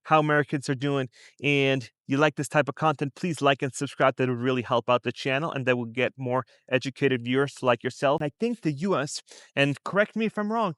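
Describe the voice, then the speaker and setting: A man's voice: mid-range voice, brisk, fairly bright tone, smooth, no room sound, studio quality. A man vlogging about personal finance in casual commentary, talking to viewers in a conversational way and firing off rhetorical questions. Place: outside a store in a shopping district.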